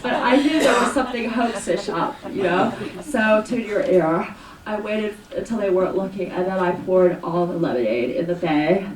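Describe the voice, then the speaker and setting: Actress as a high-voiced, giggly teen girl gabbing on the phone, roomy distant stage tape. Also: a little hiss or hum, natural voice. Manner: breathless, giggly phone chatter full of odd big words. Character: chatty teenage girl, dreamy, dramatic vocabulary. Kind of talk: solo stage monologue. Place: small performance space. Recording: roomy, distant live VHS recording.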